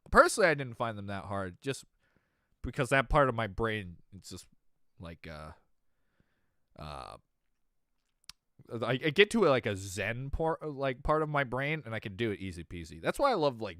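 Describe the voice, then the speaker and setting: A young adult man chatting casually on his stream, telling stories animatedly, swinging from mumbles to loud exclamations, laughing and swearing freely. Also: medium pitch, no echo, clean studio sound. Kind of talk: casual chat.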